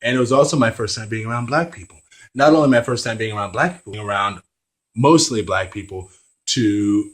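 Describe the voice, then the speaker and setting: Candid, rambling man with a lower voice. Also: a bit bright, poor audio. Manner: candid, rambling, self-deprecating, apologetic asides. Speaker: vlogger. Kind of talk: casual vlog monologue.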